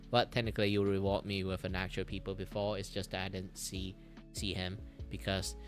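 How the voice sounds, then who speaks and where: A man streaming while he draws, talking in a rambling, animated way, swearing, laughing and breaking into loud outbursts. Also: mid-range voice, moderate pace, faint music behind. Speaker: streamer and artist. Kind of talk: casual live-stream chat while drawing.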